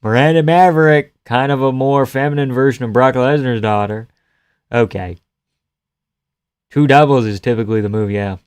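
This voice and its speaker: A man's voice: medium pitch, moderate pace, clear, resonant tone. Man, live streamer, casual fight commentary, joking, offhand. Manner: offhand, joking, swears freely.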